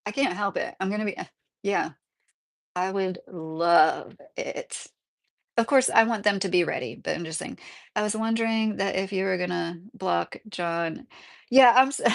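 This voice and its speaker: A middle-aged woman chatting casually on a livestream, answering viewers in a rambling way with lots of fillers and frequent laughs. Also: mid-range voice.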